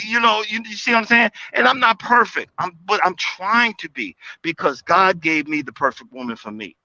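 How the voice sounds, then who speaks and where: A man on a livestream call telling casual stories, animated, acting out quotes with big jumps in his voice. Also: high-pitched, no echo. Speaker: guest speaker on a livestream call. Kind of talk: casual storytelling. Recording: dull lo-fi livestream audio.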